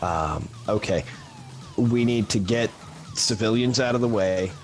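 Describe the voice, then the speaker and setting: Man, tabletop player, low voice, slow deliberate talk, light music behind. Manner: casual, deliberate, planning aloud. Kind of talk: tabletop game play.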